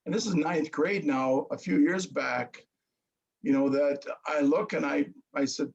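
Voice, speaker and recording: A middle-aged man telling his story earnestly in casual chat, halting and restarting. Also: a little high, gravelly, breathy edge, dull audio. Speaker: guest.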